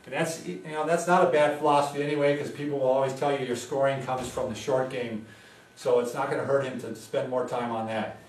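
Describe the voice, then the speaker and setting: A man talks through knee exercises like a physical therapist, relaxed and conversational, dropping in plenty of filler words. His voice sits at an ordinary middle pitch. The room is echoey and he is a little way from the mic. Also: brisk. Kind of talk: casual instructional talk. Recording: roomy sound, mic at a distance.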